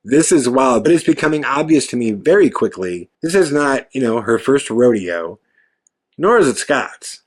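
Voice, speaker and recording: A man hosting a podcast, telling a story in an animated, profane way and acting out quoted lines. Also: mid-range voice, normal speed. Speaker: podcast host. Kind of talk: storytelling monologue.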